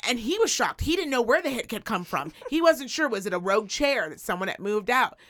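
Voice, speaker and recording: Recorded dry with clean studio sound, a woman with a higher voice speaks fairly quickly as a podcast co-host. Her storytelling is casual, profane and animated, with the quotes acted out.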